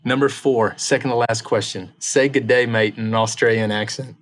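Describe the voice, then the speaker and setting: A man co-hosts a casual podcast, reading out quiz questions with an upbeat, encouraging manner. His voice sits at an ordinary middle pitch, and he keeps praising his partner's answers. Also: steady tone, normal speed, fairly bright tone.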